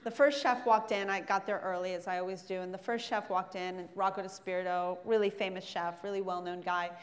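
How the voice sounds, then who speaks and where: A middle-aged woman who works as a chef gives a candid motivational guest lecture to students in a large hall, frank and joking with self-mocking asides. Her medium-pitched voice is steady and brisk, and the hall adds long reverb.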